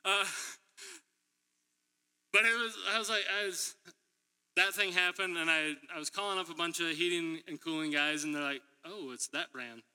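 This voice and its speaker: A man's voice: a little high, moderate pace, long pauses, pushed and bright, clean tone. A man preaching a sermon in a church hall, telling stories in a chatty way, laughing often and acting out what people said. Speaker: preacher and middle school teacher. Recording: long hall reverb.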